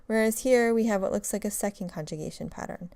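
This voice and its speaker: A woman's voice: mid-range voice, fast talker, darkish tone, no room sound. A woman teaching a recorded grammar lecture, explaining step by step and drilling examples. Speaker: Russian language teacher.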